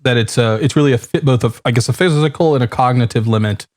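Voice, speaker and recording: A man's voice: mid-range voice, quick pace, darkish tone, no echo, clean studio sound. A man co-hosting a podcast, reasoning aloud in a thoughtful, casual way. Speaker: podcast co-host. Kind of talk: casual chat.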